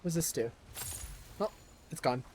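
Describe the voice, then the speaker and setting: A young man giving live gameplay commentary in a loose, chatty way. He laughs often and swears casually, and his voice sits fairly high. A faint noise hums underneath. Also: expressive, normal speed, darkish tone. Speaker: streamer.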